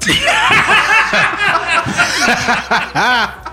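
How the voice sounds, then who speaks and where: A man's voice: very high voice, wildly swooping pitch, very slow, over loud music. A man making laid-back remarks in a casual chat.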